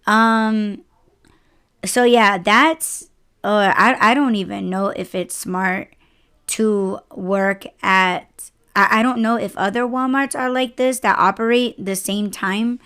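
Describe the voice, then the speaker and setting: Woman podcast host, delivery driver, casual profane rant, smooth clear voice. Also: medium pitch, slow. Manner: profane, exasperated, animated retelling.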